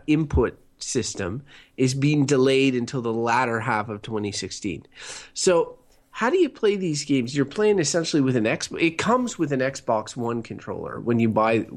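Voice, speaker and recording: Lively, animated male podcast co-host. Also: medium pitch. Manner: inquisitive, joking, lively up-and-down delivery. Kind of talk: casual chat.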